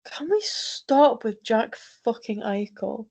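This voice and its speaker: A woman co-hosting a casual podcast, dry and sarcastic with a deadpan delivery. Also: on the high side, takes it slowly, vocal fry. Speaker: podcast co-host. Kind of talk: casual chat.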